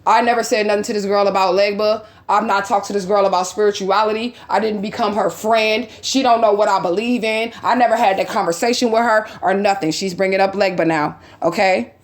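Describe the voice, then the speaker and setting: A woman's voice: mid-range voice, fairly even intonation, a little fast, hardly any pauses. A woman from St. Louis recording an emotional vlog. She is upset and agitated, blunt and profane, and keeps adding emphatic "okay?" asides. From St. Louis, USA. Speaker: vlogger. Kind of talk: emotional vlog recounting old messages.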